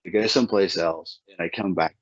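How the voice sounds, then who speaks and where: A man's voice: low-pitched, fairly quick, breathy edge, no room sound, muffled recording. A man from Southern Ohio with an Appalachian accent, hosting a casual chat and restarting his sentences often. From Southern Ohio, USA. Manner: animated, stumbling restarts. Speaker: podcast host.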